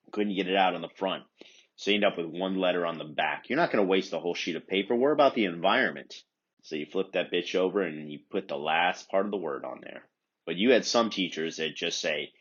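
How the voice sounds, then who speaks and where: Low raspy dude ranting crude jokes on his podcast, muffled lo-fi sound. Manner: crude, rambling, swinging between mutters and shouts. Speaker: podcast host. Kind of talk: comedic monologue.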